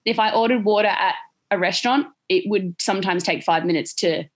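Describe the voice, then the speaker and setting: A young adult woman from Australia with an Australian accent, chatting as a podcast guest, laughing often and telling animated stories. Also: medium pitch, a little fast. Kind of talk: casual chat.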